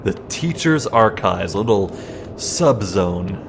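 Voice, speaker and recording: A man's voice: on the low side, lively intonation, takes it slowly, gravelly, noisy background. A young man giving casual, chatty gameplay commentary, thinking aloud and poking fun at himself. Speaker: let's play host. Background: faint game music.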